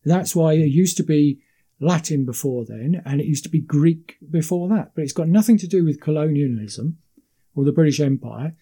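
A man in a casual conversation who explains his views in a measured way, often repeating words as he goes. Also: fairly high pitch, expressive, dark tone, slightly rough.

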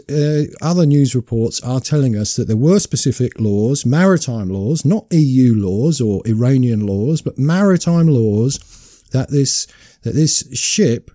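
Very dark-voiced British man hosting radio. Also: fairly high pitch, no room sound, studio quality. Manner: measured, rambling with repeated words. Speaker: radio show host. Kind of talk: live online radio talk.

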